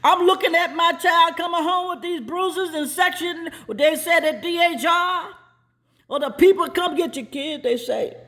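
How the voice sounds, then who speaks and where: Woman playing a fierce, commanding mother. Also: sits high. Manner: commanding, clipped and firm. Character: fierce no-nonsense mother, protective and stern.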